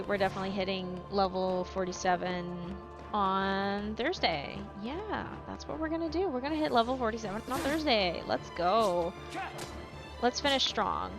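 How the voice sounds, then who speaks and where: A woman game streamer chatting casually and rambling with self-deprecating humor, using a put-on English accent that keeps drifting into Southern. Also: medium pitch. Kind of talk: casual live-stream chat. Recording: music playing under the voice. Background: game music.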